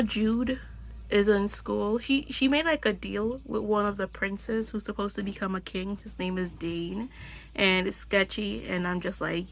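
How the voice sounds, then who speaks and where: A young woman vlogging casually about a book she is reading, animated and exclamatory, talking from a small closet. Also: mid-range voice, a little slow, creaky. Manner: animated, exclamatory, chatty with frequent "like". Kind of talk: casual reading reaction vlog. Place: small closet next to a bathroom.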